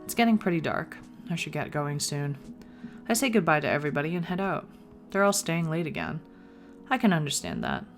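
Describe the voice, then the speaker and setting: A woman's voice: low-pitched, very animated, fairly quick, soft background music. A woman reading a visual novel aloud in the first person, with playful asides of her own. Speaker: gaming video creator.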